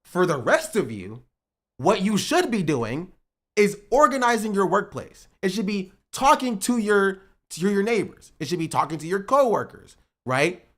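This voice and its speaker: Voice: medium pitch, sing-song, normal speed. Heated, profane streamer lecturing chat. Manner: lecturing, repetitive, profane, punchy. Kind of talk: heated livestream rant at chat.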